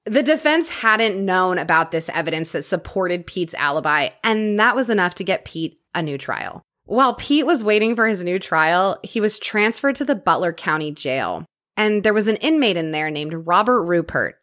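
Lively woman telling a true crime story. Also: on the low side, moderate pace. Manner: lively storytelling, reads case details aloud. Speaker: podcast co-host. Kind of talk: true crime podcast chat.

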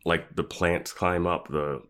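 A man's voice: deep voice, steady tone, takes it slowly, fairly bright tone. A man co-hosting a podcast who chimes in casually and often laughs. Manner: laughing, chiming in. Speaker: podcast co-host. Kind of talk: casual chat.

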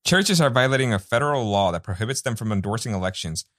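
A man comedy writer pitching jokes, laughing often and jumping between thoughts. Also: expressive, fast talker, a bit bright, no echo, clean studio sound. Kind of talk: casual writers-room chat.

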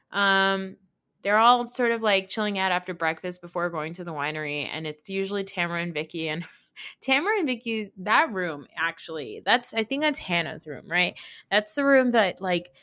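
A woman's voice: mid-range voice, bright, forceful tone. A woman hosting a podcast in casual chat, chatty and sarcastic, often laughing. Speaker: podcast host.

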